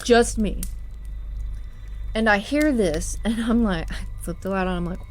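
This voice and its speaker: A woman's voice: fairly low pitch, normal speed. A young adult woman telling a spooky personal story in a casual social-media style, cursing freely and laughing as she goes. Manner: profane, chatty, laughs through it. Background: faint spooky piano music.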